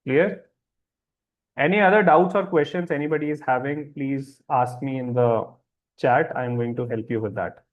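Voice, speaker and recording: A man with a medium-pitched voice speaks at a normal pace, and the recording has its highs cut off. He's hosting a live wellness webinar, answering chat questions and reassuring listeners, often repeating check-in questions to make sure they're following.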